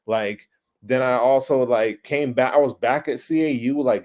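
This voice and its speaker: A middle-aged man, a podcast guest, telling his career story in a casual, animated way, swearing and acting out past scenes. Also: medium pitch, normal speed. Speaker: podcast guest, ad creative director.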